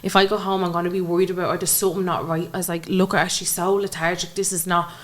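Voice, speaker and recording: A young Irish woman speaks quickly in a lowish voice with little movement in pitch. Appearing as a podcast guest, she relates an emotional personal story in conversation, dramatizing the dialogue she quotes.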